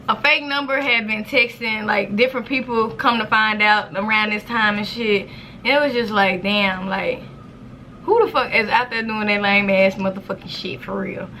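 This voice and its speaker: Young woman vlogger, storytime to camera, crisp bright tone, slightly high voice, swears freely, jumps up in pitch for quotes. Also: a little hiss or hum. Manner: animated, profane, acts out quotes with sudden high squeals. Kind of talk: casual storytime monologue.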